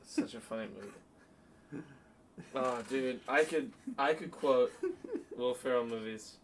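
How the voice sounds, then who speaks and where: A young man on a casual podcast, animated and laughing often as he acts out movie lines in loud, excited voices. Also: medium pitch, a little slow, a little hiss or hum. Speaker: podcast co-host. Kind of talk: casual chat, acting out movie quotes.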